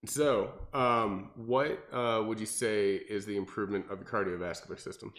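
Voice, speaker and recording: A man's voice: on the low side, fairly even intonation, normal speed, fairly bright tone. A man, a personal trainer, asking questions and adding details in a casual chat. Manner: asks questions, corrects and adds details.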